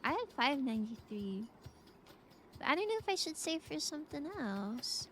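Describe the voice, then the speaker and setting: High, lively, giggly woman streamer. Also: moderate pace, slight background noise. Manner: chatty, giggly, playful. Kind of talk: casual gameplay chat.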